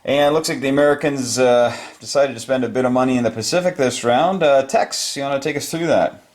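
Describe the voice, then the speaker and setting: Hosting a board game as its narrator, a man speaks a little fast in a mid-range voice with a somewhat dark tone. He's cheerful and talkative while passing over to each player.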